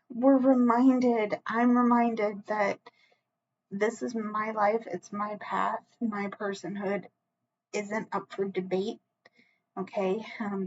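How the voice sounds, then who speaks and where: A woman's voice: mid-range voice, level tone, takes it slowly, darkish tone, highs cut off, a little hiss or hum. A woman giving a solo tarot reading to camera, earnest and emotional, close to tears, with frequent restarts and a reassuring "okay?". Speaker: tarot reader.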